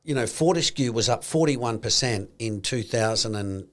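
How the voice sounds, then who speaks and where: An Australian man hosting an investing podcast in casual chat, animated, acting out quoted voices and swearing freely. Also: mid-range voice, moderate pace. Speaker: podcast host.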